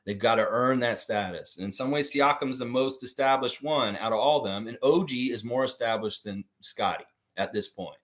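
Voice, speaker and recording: A man's voice: medium pitch, moderate pace, hardly any pauses, a bit bright. A man hosting a casual livestream, talking bluntly and with swearing as he argues with his chat. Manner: blunt, profane, argumentative, addresses chat. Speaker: livestream host.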